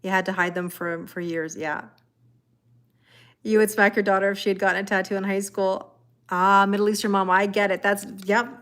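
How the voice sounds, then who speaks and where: A woman's voice: medium pitch, level tone, moderate pace, a bit bright. A woman reading tarot live and chatting with viewers in a rambling way, laughing often. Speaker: tarot reader. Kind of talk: live-stream chat reading viewer comments.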